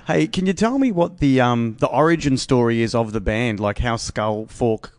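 A man's voice: medium pitch, moderate pace, a little mellow, dry recording. A man interviewing a band member, asking short, friendly questions. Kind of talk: casual interview.

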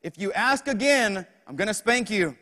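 An exasperated mother scolds her son in a firm, raised voice, as a preacher puts her on. The voice sits high and rings out with a long church reverb. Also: expressive, normal speed, sharp tone. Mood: scolding. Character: stern, exasperated mother at bedtime.

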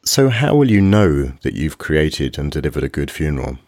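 A podcast host asking measured, reflective questions and offering brief murmurs of agreement. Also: a bass voice, big pitch swings, a little mellow, no echo. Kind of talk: interviewing.

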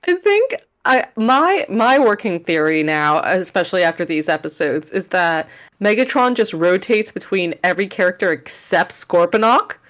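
A woman co-hosting a podcast, retelling scenes in an animated, jokey casual chat. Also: lowish voice, normal speed. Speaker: podcast co-host. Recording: lo-fi backup bot recording.

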